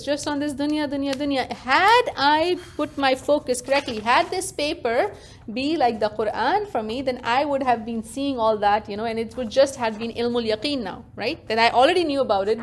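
A woman teaching a religious lesson to a class, animated and interactive, often questioning her listeners directly. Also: high-pitched, moderate pace. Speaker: Quran teacher.

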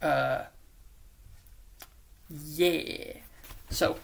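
A man's voice: fairly high pitch, steady tone, a little slow, vocal fry, fairly bright tone. A man talks his way through a long idea off the cuff. He swears constantly, loses his train of thought, and laughs at himself. The delivery is loose and unpolished, like a solo video chat. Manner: profane, rambling, self-mocking, with silly put-on voices. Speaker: YouTuber pitching a movie idea. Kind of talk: rambling casual monologue.

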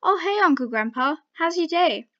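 A woman voicing an excitable, easily flustered young boy, in a dull lo-fi home recording. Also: extremely high pitch, moderate pace, voice pushed up, full character voice. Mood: excited.

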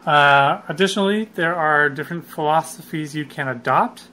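A man's voice: a little high, normal speed, pushed and bright, a little hiss or hum. A man explaining how a board game is played in a casual, unscripted way, with frequent fillers and self-corrections.

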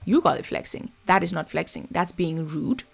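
A woman's voice: on the low side, expressive, moderate pace, gravelly, slightly rough, faint music behind. A woman giving blunt, chatty commentary while reviewing a reality TV episode. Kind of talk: casual reaction commentary.

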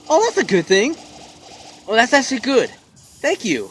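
Excitable man with a high, jumpy voice. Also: fairly quick, soft background music. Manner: excitable, loud exclamations. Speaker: gaming video host. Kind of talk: let's play commentary.

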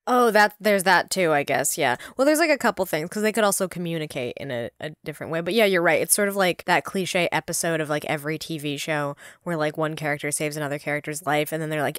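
A woman co-hosting a podcast, chatting casually about a book in a lowish voice. She is talkative and slips into quick impressions of characters. The sound is dry and close. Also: no echo. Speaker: podcast co-host. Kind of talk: casual book-discussion chat.

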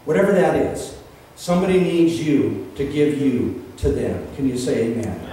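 A man preaching a sermon as pastor, telling a story that builds into fervent, shouted preaching. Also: mid-range voice, big pitch swings, normal speed, a little hiss or hum. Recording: echoey room, distant mic.

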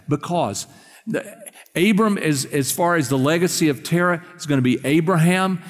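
Male pastor, a bit high-voiced, chatty sermon style, big church reverb. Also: expressive, moderate pace. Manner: conversational preaching, quizzing the congregation. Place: church sanctuary. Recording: long hall reverb.

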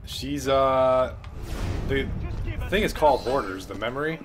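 Over game music, a young man with a medium-pitched, expressive voice plays a video game and talks a little slowly. As a gaming channel commentator, he delivers loose, profane, hyped, casual gameplay commentary.

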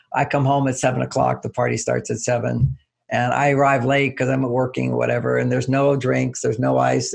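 In a relaxed interview, an older relationship author talks through ordinary, everyday examples, now and then voicing little quotes more loudly. His voice sits in the middle range, creaky and slightly breathy.

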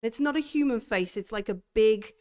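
A woman game master describing a horror scene in a tabletop game, halting as she goes. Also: on the high side, warm tone. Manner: halting, full of fillers and restarts.

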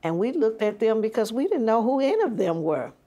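A woman with a fairly high, dark-toned voice recounts a childhood memory in an interview. She tells it briskly and very animatedly, as a vivid, detailed storyteller.

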